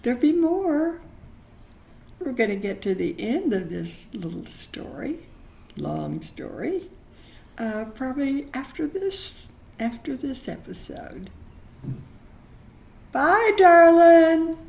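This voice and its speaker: An older woman recounts a story from her past in a chatty, affectionate manner. She talks slowly, letting the tale unfold at an easy pace. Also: a little high, very animated, creaky, warm tone, a little hiss or hum. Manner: chatty, affectionate, laughs often. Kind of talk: memoir storytelling.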